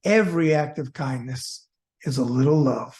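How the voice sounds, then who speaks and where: A man's voice: mid-range voice, normal speed, darkish tone. A man from South Florida, a former boxer hosting his own show, telling a personal story in a folksy, heartfelt way and speaking straight to his viewers.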